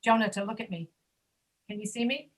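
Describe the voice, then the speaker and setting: A woman teaching an online pronunciation class, patiently correcting students and modeling sounds slowly over a video call. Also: medium pitch.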